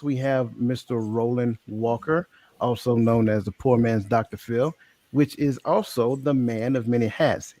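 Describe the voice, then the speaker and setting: Energetic male podcast host, dry sound. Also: mid-range voice, no room sound. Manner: energetic, shout-outs, self-correcting, colloquial. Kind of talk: casual podcast chat with panel.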